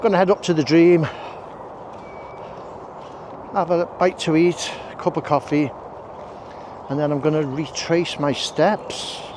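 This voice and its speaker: Chatty man, breathing heavily outdoors. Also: on the high side. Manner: chatty, rambling, self-deprecating asides. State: heavy breathing while walking. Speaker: walking vlogger. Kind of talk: casual walk-and-talk narration. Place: outdoors on roads and country paths. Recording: outdoor noise while walking.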